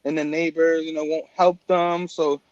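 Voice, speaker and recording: A man's voice: fairly high pitch, little pitch movement, moderate pace, darkish tone, dry recording, dull audio. A man hosting a casual comic book talk show, rambling with lots of fillers and restarts. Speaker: podcast host. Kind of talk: casual chat.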